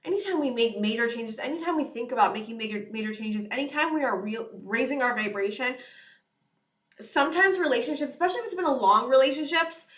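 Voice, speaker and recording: A woman's voice: high voice, expressive, fast talker, a bit bright, echoey room. A young woman giving a rambling, earnest tarot reading straight to her viewers, full of "you know" and "it's like". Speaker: tarot reader. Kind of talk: casual channeled tarot reading to camera.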